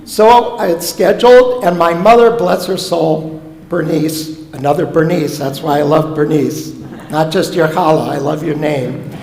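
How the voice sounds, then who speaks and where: A slightly high, creaky voice at a measured pace belongs to a man from Omaha, United States, who is a guest speaker and professor of Jewish education. Recorded in the echoey hall of a synagogue sanctuary with long reverb, he tells animated comic stories with punchlines in a sermon-style talk.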